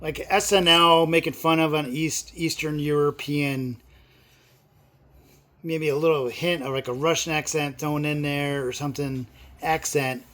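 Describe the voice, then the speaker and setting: A middle-aged man vlogging in a casual, rambling way, full of fillers and sudden excited outbursts. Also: a little high, a little slow. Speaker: movie vlogger. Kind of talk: casual chat.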